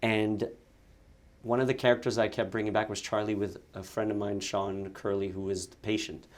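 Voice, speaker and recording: A man guest telling stories in a casual interview, lively, with quick bursts and frequent restarts. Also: fairly low pitch. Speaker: actor and content creator, guest.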